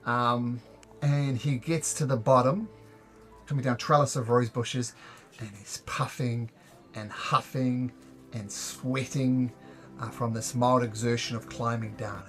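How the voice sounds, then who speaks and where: A man's voice: mid-range voice, steady tone, slow pace, fairly bright tone, husky, soft background music. A man narrating a tabletop game as game master, in a loose, jokey way.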